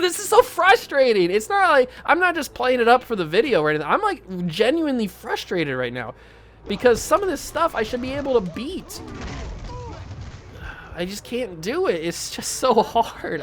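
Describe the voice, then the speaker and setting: A young adult channel host giving exasperated, venting play-by-play commentary over a football video game. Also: medium pitch.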